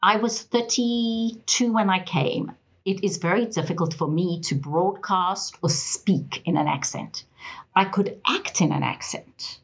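Husky South African woman, expressive. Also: mid-range voice, unhurried, muffled recording. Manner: expressive, storytelling, emphatic. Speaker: guest. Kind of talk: podcast interview.

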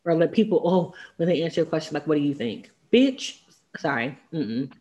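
A woman co-hosting a podcast in casual chat, blunt and animated, quick to laugh at herself. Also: low-pitched, dull audio. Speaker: podcast co-host.

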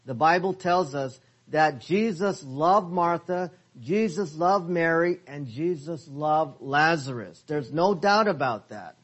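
High-voiced man teaching a Bible class. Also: lively intonation, slow pace, few pauses, breathy edge. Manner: asks questions of the class, stresses words.

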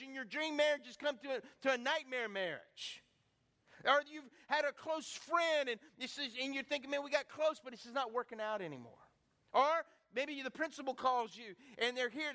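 High, bright-voiced pastor preaching in a hall. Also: male voice. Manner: animated, rhetorical questions to the congregation. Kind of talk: sermon. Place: church hall. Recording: long hall reverb.

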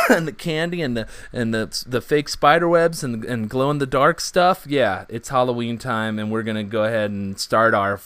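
Man, podcast host, casual chat, upbeat, rambling, resonant voice, medium pitch. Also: a bit bright, clean tone, no echo. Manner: upbeat, rambling lists with restarts.

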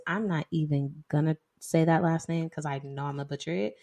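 Young woman co-host with a lowish voice, chatty and loose in a casual book talk. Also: brisk, vocal fry, hardly any pauses, dark tone. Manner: chatty, heavy use of "like" and "y'all". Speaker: podcast co-host.

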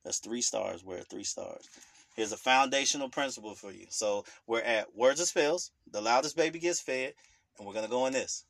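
A man's voice: mid-range voice, moderate pace, vocal fry, fairly bright tone, no room sound. A man talking earnestly about family and money, repeating phrases with an emphatic, preacher-like cadence. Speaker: speaker sharing life lessons. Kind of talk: earnest personal talk.

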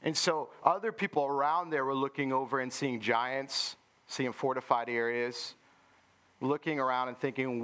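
A man's voice: medium pitch, fairly even intonation, normal speed, a bit bright. A man preaching a sermon in an informal, conversational way, often asking listeners rhetorical questions.

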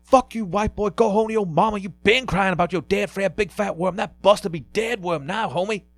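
A man voicing a furious older woman who loudly scolds and taunts a teammate in a mocking, shrill voice. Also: normal speed, vocal fry, no echo. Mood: furious taunting.

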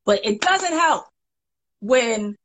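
Animated woman host, fairly high voice. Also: slow pace, slight background noise, poor audio. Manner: animated, emphatic, repeats and restarts phrases. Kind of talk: casual chat.

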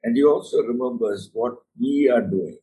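A man's voice: mid-range voice, moderate pace, warm tone, far from the mic, poor audio. A man preaching a sermon, earnest and emphatic, often calling the listener "my friend".

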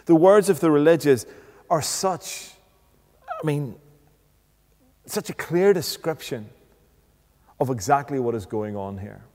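Slow, deliberate male preacher in a reverberant hall. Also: on the high side, lively intonation, a little mellow. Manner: slow, deliberate, rhetorical questions. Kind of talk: sermon.

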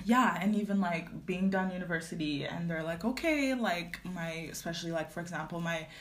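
Reflective young Nigerian woman, lowish voice. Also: a little fast. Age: young adult. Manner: reflective, frequent "like" fillers. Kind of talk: casual chat.

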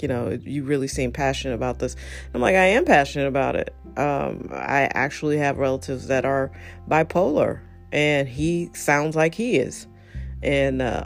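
A woman hosting a podcast in a casual, chatty monologue, confiding and speaking straight to her listeners. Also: low-pitched. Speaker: podcast host.

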